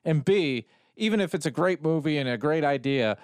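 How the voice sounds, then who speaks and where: A man's voice: on the high side, animated, normal speed, clear, resonant tone, no echo, clean studio sound. A man co-hosting a podcast, emphatic and exasperated in casual chat, often breaking off mid-sentence. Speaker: podcast co-host.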